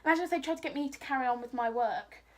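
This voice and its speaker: A woman's voice: high voice, rapid-fire, a crowd in the background. A young woman telling a story casually and animatedly, acting out what people said. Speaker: vlogger.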